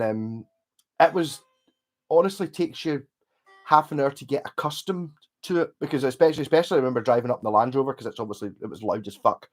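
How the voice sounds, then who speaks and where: A Scottish man talking loosely to his live stream audience, with a mid-range voice that is neither high nor low. He rambles, chats and drops the odd swear word as he goes. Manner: rambling, chatty, casual swearing. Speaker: livestream host. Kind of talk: casual livestream chat.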